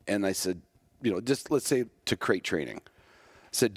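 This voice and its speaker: A man's voice: mid-range voice, animated, moderate pace, a little mellow, no echo. A man hosting a podcast, chatting casually and trading his own anecdotes with his guest. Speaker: podcast host. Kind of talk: interview conversation.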